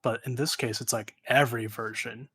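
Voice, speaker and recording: A man on a voice call, patiently explaining language tones with a halting, filler-filled manner. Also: medium pitch, fairly even intonation, a bit bright, slightly rough. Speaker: friend on a voice call. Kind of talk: casual explaining.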